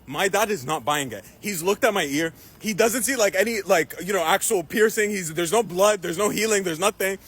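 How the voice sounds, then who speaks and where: A man telling a comic story in an animated way, laughing often and using many fillers. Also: high-pitched, fairly quick, few pauses, breathy edge.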